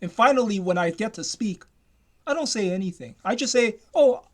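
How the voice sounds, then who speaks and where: High-voiced man on an emphatic rant. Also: expressive, a little fast, fairly bright tone. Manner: repetitive, emphatic, restarts often. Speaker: commentator. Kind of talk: ranting commentary.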